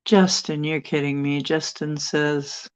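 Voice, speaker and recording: A woman's voice: low-pitched, fairly even intonation, takes it slowly, smooth. A woman hosting a livestream, wandering through her thoughts as she recounts dreams and reads viewer comments. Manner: meandering, thinking aloud. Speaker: channel host.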